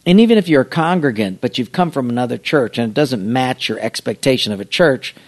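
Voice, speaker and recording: A middle-aged male pastor telling a humorous, self-mocking anecdote in an animated storytelling way. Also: medium pitch, a little fast.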